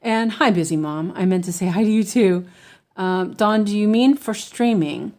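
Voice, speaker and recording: A woman's voice: mid-range voice, normal speed, mellow. A woman chatting casually while she cross-stitches on a livestream, rambling with fillers and restarts and a slight lisp. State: slightly lispy from medicine.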